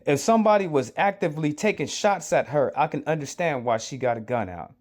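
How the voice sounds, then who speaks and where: A man's voice: on the high side, animated, fairly quick, darkish tone. A man from the United States giving urgent, preachy commentary on a video clip, repeating his points to his listeners. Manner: urgent, lecturing, repeats himself.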